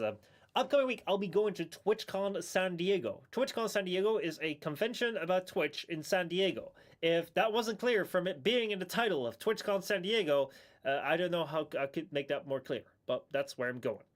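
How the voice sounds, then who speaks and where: Brief: male streamer, casual stream chat, somewhat high voice, rambles, restarts a lot, chuckles. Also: lively intonation, brisk.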